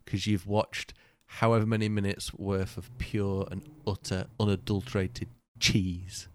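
A man's voice: fairly low pitch, level tone, a little slow, darkish tone, clear, resonant tone, dry recording. A man chatting on a podcast, playful and full of rhetorical questions. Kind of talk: casual podcast chat.

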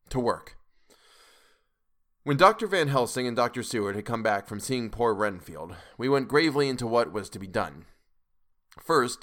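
Man, low voice, audiobook narration, grave, measured. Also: a bit bright. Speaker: podcast reader.

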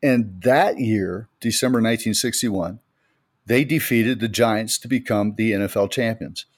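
A man's voice: fairly low pitch, unhurried, dry recording, studio quality. A middle-aged man from the United States, co-hosting a podcast and telling anecdotes with emphasis. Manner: storytelling, emphatic retelling of anecdotes. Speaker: podcast co-host. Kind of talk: casual faith podcast chat.

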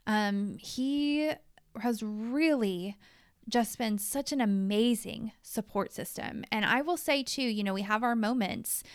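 Candid woman podcaster, smooth and dry. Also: on the high side, normal speed, hardly any pauses, no echo. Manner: frank and confessional, with casual swearing. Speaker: podcast host. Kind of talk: candid personal monologue.

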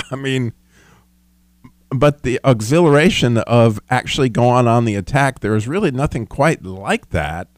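A man's voice: mid-range voice, animated, unhurried, no room sound, studio quality. A man hosting a casual faith-based discussion, talking earnestly and self-deprecatingly with stumbling restarts.

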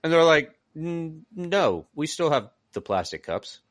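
A man co-hosting a casual podcast, telling a story as an exasperated rant. His pitch swings widely and he mimics the people he argues with. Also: unhurried. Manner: animated, exasperated ranting with mocking quoted voices. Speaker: podcast co-host.

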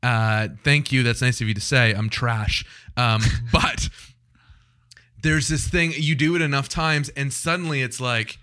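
Bright-voiced male podcast host, joking. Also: mid-range voice, smooth. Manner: joking, quick asides. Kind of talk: casual chat.

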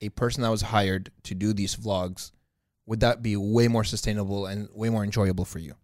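A man's voice: lowish voice, steady tone, moderate pace, a little mellow, dry recording, clean studio sound. A man co-hosting a casual podcast, laughing often and telling stories playfully. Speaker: podcast co-host.

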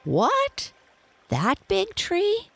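A reader doing a squeaky little boy beaver. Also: wildly swooping pitch, drawn-out words, vocal fry, a bit bright, no room sound, heavily acted. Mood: alarmed. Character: excitable young boy beaver, timid. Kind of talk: bedtime storybook reading.

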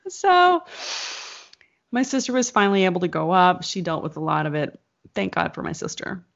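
A woman's voice: fairly low pitch, moderate pace, vocal fry. A woman telling a story in a casual chat, rambling and full of "like" fillers. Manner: rambling, filler-heavy, animated retelling. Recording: slightly dull lo-fi sound.

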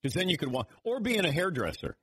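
A man's voice: a little high, sing-song, quick pace, fairly bright tone, breathy edge. A man hosting a radio talk show, taking calls and joking with his crew. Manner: joking, laughs often, acts out voices in stories. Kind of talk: casual sports radio chat.

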